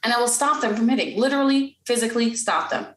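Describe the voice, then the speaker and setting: A woman's voice: a little high, expressive, fast talker, echoey room. A woman guest in a podcast interview, explaining parenting in an earnest, step-by-step way and acting out lines a parent or child might say. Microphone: podcast recording.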